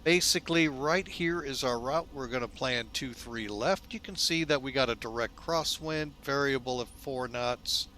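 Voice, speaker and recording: A man hosting a flight simulator video in a casual, folksy way, relaxed and loose with lots of fillers, often speaking to viewers as folks. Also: mid-range voice, normal speed, hardly any pauses. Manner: chatty, folksy, keeps calling viewers "folks". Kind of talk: casual narrated simulator walkthrough.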